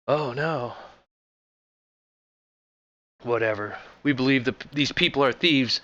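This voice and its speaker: A man ranting in a casual, rambling monologue, sarcastic and indignant, swearing freely and filling pauses with "you know" and "like.". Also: medium pitch, bright, forceful tone, lo-fi sound. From United States. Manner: indignant, sarcastic, profane, rambling with frequent fillers. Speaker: political commentary vlogger.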